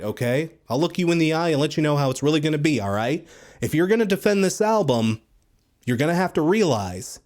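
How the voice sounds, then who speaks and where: A man's voice: a little high, darkish tone. A man reviewing albums in a casual, blunt and profane monologue, rambling and joking. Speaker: music critic.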